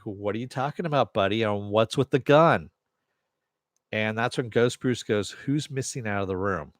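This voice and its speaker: A man's voice: lowish voice, no room sound, studio quality. A man hosting a casual TV recap and review, chatty with sarcastic asides and the odd swear. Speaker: TV review host.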